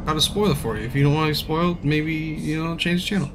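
A man streaming casually, rambling through a profane movie recap and acting out scenes in hushed asides. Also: fairly high pitch, fairly even intonation, quick pace, music in the background.

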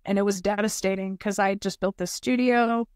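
A woman's voice: mid-range voice, fairly even intonation, a little fast, a little mellow, clean tone, no echo, studio quality. A woman in her forties, a podcast guest and nonprofit founder, telling personal stories in an earnest, heartfelt way and repeating motivational phrases.

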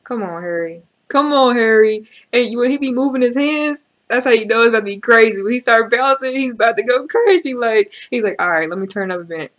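A woman's voice: on the high side, quick pace, few pauses. A woman gives emphatic, repetitive hype commentary as a reaction video host.

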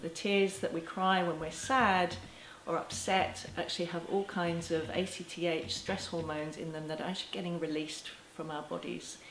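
A woman with a fairly low voice speaks gently and reassuringly, as if teaching parents straight to camera. The room around her is echoey, and a faint ambient hum sits under her voice. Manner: gentle and reassuring, with soft laughs. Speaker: parenting educator. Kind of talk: talking to camera.

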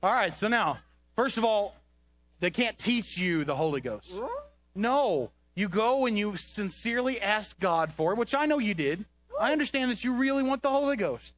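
A man runs a comedic children's skit on a church stage, speaking into a handheld microphone. His voice sits high, and he keeps scolding and coaxing a playful puppet dog, sounding exasperated. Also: expressive, moderate pace, a bit bright. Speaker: children's ministry presenter.

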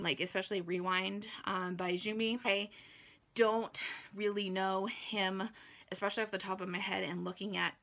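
Gravelly, hoarse young woman vlogger. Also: lowish voice, a bit bright. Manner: rambling, lots of ums and likes, self-correcting. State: losing her voice. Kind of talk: casual unboxing chat.

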